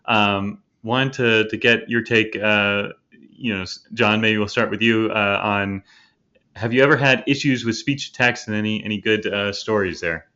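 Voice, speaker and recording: A man's voice: on the low side, fairly even intonation, normal speed, pushed and bright, dull audio. A man hosting a podcast interview, speaking casually with frequent hesitations and restarts. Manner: hesitant, many fillers and restarts. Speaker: podcast host.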